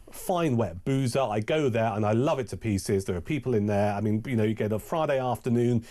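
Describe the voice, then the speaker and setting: A man's voice: medium pitch, darkish tone. A man hosting a radio talk show, chatting casually and rambling with restarts in a studio.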